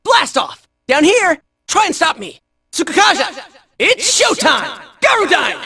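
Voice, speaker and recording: A woman's voice: very high voice, big pitch swings, unhurried, no room sound, clean studio sound, heavily acted. A woman playing a brash, cocky game fighter. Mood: battle taunts. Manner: shouted short battle cries, cocky and jokey. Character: brash cocky young fighter calling on a battle spirit. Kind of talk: video game battle voice lines.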